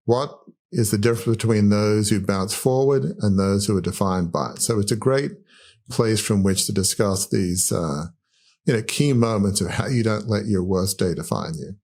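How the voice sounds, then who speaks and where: A middle-aged Australian man with a fairly low voice. He talks earnestly and thoughtfully on a podcast, pausing often with fillers. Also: a little mellow. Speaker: podcast host. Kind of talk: reflective podcast conversation.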